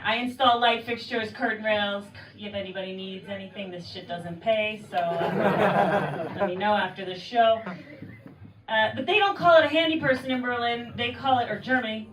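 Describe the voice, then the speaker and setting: A woman from Oakland, California doing a stand-up comedy set, telling stories deadpan with quick asides and acting out the people she quotes. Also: fairly high pitch, distant mic, background noise. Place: live comedy club with audience. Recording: echoey room, mic heard from afar, crowd laughter.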